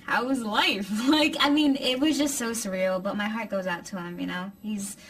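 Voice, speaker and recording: A woman's voice: medium pitch, fairly even intonation, normal speed, a bit bright, a little hiss or hum, low-quality recording. Enthusiastic woman recalling a meeting. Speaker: interviewee. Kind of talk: casual recollection.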